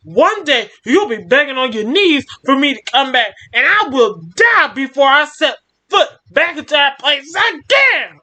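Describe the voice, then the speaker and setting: A woman voicing an angry young male pup, shouting high and tearful while reading a story aloud. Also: very animated, moderate pace, hardly any pauses, rough recording. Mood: bitter, defiant.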